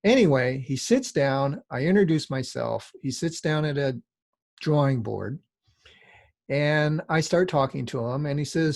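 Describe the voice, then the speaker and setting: A man's voice: a little high, lively intonation, measured pace, creaky, darkish tone, dry recording, studio quality. A middle-aged man, a design teacher, lecturing in a rambling, conversational way with frequent asides. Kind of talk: lecture with casual storytelling.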